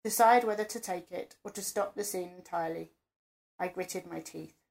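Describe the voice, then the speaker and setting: A woman's voice: on the low side, normal speed, creaky, darkish tone. Woman reading an intimate first-person story. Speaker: narrator.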